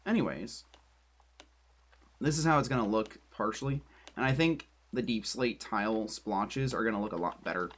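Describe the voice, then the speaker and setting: A man's voice: fairly low pitch, normal speed, a bit bright, husky. A man streaming a building game, talking casually to his viewers in a rambling, self-deprecating way. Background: keyboard typing and clicks.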